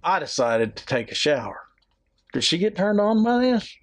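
Animated, jokey male podcast host. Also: sits high, moderate pace. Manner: animated, jokey, laughs often while reading. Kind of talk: casual chat, reading reviews aloud.

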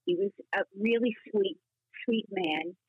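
A woman in her sixties, a guest actress telling rambling, animated stories in a casual interview, full of restarts. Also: medium pitch, unhurried, dry recording. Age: 60s. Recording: husky voice over a tinny phone line.

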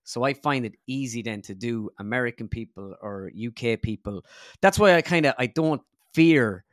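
A man with a flat Irish midlands accent, chatting easily as an interview guest and a comedian, rambling and correcting himself. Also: medium pitch, moderate pace, no room sound, studio quality. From middle of Ireland. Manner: rambling, self-correcting, easygoing. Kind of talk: casual interview chat.

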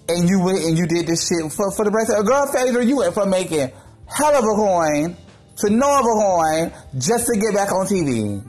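With a fairly high voice, a man rants in a gossip commentary vlog. He's brash and profane, delivering it all in a sassy, sharp-tongued manner.

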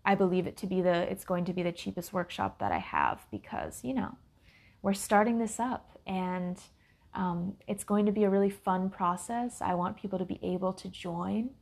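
A woman hosting her own wellness podcast, talking to listeners in a slow, relaxed way with frequent ums. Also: on the low side, creaky. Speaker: podcast host and intuitive health coach. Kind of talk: casual podcast monologue.

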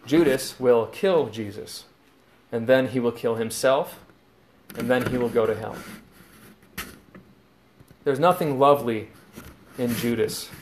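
A man's voice: mid-range voice, a little slow, pauses often, slight background noise. A man preaching a sermon, earnest and explanatory, retelling scenes in quoted lines.

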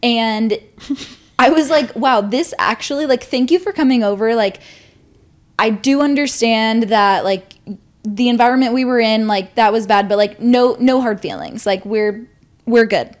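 A woman's voice: fairly high pitch, unhurried. A young woman co-hosting a podcast, telling a story casually, swearing freely and acting out what people said. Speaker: podcast co-host.

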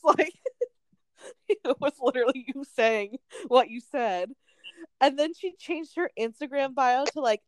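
A young woman gossiping in a casual chat, full of "like" and quick asides. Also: high-pitched, no echo. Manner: chatty, lots of "like", laughs often.

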